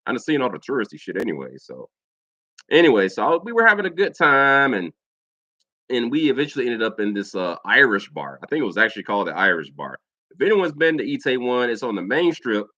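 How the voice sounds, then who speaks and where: A man's voice: mid-range voice, very animated, a little fast, bright, forceful tone, no room sound, muffled recording. An American man and Air Force veteran telling a profane personal story in a casual vlog monologue, mimicking other people's lines as he goes. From United States.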